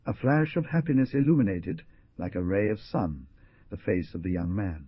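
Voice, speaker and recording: A man narrating an adventure audiobook in an expressive storytelling manner. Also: fairly low pitch, normal speed, slightly rough, no room sound, dull audio. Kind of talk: scripted narration.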